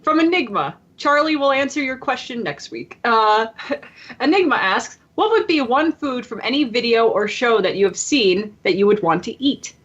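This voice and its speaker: A woman's voice: a little high, moderate pace, slightly rough, lo-fi sound. A young woman hosting a casual podcast chat, telling stories with lots of laughter and quoted voices. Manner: giggly, animated storytelling with quoted voices. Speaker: podcast host.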